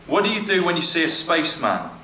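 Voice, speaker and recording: Male stand-up, slightly high voice, deadpan and hesitant, echoey venue with noise behind. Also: fast. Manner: hesitant, dry, lots of ums and trailing asides. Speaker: stand-up comedian reading jokes. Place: comedy venue stage. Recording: echoey room with background noise. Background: audience laughter.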